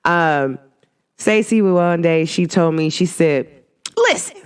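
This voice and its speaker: A woman hosting a podcast, talking casually in a rambling, animated way with many fillers. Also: fairly low pitch, takes it slowly, clear, resonant tone. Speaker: podcast host.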